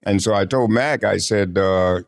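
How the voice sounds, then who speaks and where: Older man telling lively stories. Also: fairly low pitch, unhurried, vocal fry. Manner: lively anecdotal storyteller who acts out quotes. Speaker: interview guest. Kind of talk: casual storytelling interview.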